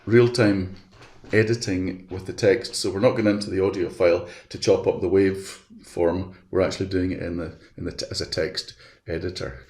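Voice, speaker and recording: A man presenting a webinar, chatting through a live software demonstration step by step at his computer. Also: low voice, level tone, normal speed, hardly any pauses. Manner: chatty, walks through steps aloud. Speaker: education specialist presenting a webinar. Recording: roomy echo.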